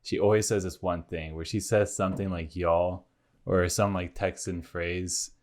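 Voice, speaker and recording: Deep, low-key podcast co-host, dry humor, casual chat. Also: fairly even intonation, moderate pace, darkish tone.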